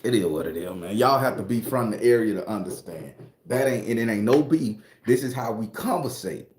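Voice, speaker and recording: Man, casual livestream host, profane and joking, mellow voice, echoey room. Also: fairly low pitch, animated, fairly quick, a little hiss or hum. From Florida. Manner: profane, loose and joking, with slang. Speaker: host and spooky storyteller.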